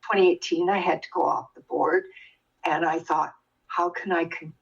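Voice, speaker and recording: A woman's voice: on the low side, normal speed, vocal fry, breathy edge, muffled recording. Older woman telling a heartfelt story. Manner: earnest, animated when telling a story, with many restarts. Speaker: guest sharing her experience. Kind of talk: reflective personal storytelling.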